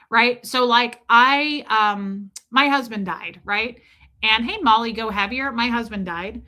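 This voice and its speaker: Bright-voiced woman in her forties. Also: on the high side, unhurried. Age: 40s. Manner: frank and animated, swears, frequent "right?" and "like". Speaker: livestream host. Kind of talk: candid personal storytelling on a livestream.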